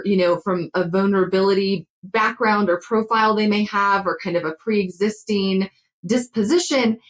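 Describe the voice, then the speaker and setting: A woman counselor speaking as an interview guest, her voice sitting at a middle pitch. She explains her ideas in a warm, conversational way, padding her sentences with casual fillers. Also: poor audio.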